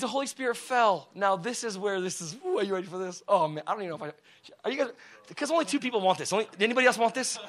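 A fiery male preacher with a high voice delivers a sermon in a church, talking to the congregation in loose, slangy language. He swings from ringing shouts to quiet, close words and keeps asking the crowd if they are ready. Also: fast talker. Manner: energetic, swings from shouting to hushed talk; slangy and conversational, asks the crowd questions.

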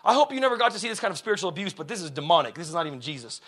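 Male preacher, high bright voice, casual and fiery, drops low then bursts loud. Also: sing-song, fast, slightly rough. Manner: passionate, swings from quiet to shouting; casual, conversational phrasing. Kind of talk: sermon.

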